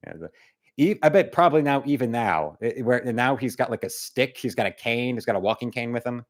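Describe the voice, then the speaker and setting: A man's voice: mid-range voice, lively intonation, fairly quick. A man hosting a live stream, chatting casually and reading viewer comments in a rambling way. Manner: rambling, with many fillers and restarts.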